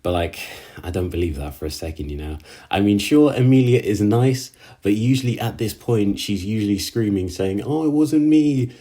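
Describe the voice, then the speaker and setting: A man with a low, warm, mellow voice talks casually through an anime episode. He speaks in slang, stumbles through fillers, and sounds openly exasperated with the characters. It comes across as a relaxed solo reaction recording. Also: moderate pace. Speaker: anime reviewer. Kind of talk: casual episode recap and rant.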